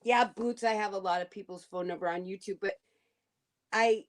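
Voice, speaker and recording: A woman's voice: mid-range voice, steady tone, normal speed. Chatty woman rambling casually. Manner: chatty and rambling, with frequent laughter. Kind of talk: casual chat.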